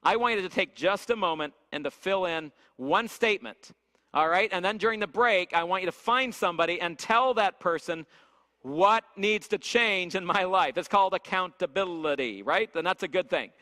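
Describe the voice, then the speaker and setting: A man's voice: sits high, moderate pace, pushed and bright. A man leading a church leadership workshop, telling stories and asking the audience questions with lots of energy. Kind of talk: church leadership seminar teaching. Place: church hall. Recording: echoey hall with long reverb.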